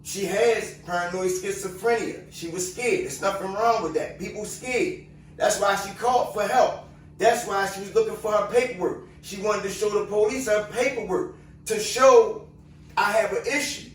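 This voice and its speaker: High-voiced man in an echoey room. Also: normal speed, slight background noise. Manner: emphatic, keeps saying "remember" and asking viewers questions. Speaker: commentator. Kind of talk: casual commentary to viewers. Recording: echoey room, mic at a distance.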